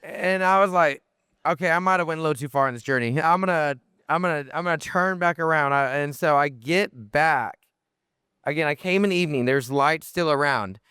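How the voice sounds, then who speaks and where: Smooth-voiced young man telling a story. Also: fairly high pitch, a little fast, no room sound, clean studio sound. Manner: animated, lots of fillers and restarts, swears freely. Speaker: podcast guest. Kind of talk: casual storytelling.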